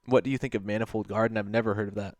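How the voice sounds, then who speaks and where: A man's voice: fairly low pitch, steady tone, very fast, no room sound. A man hosting a livestream, rambling in casual commentary with constant "like" fillers and swearing, answering chat messages as he goes. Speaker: livestream host.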